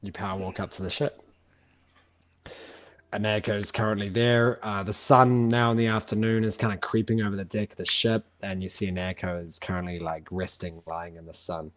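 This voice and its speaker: A man's voice: on the low side, a little fast. Swearing man running a tabletop game. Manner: swears freely, animated. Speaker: game master. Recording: dull lo-fi sound.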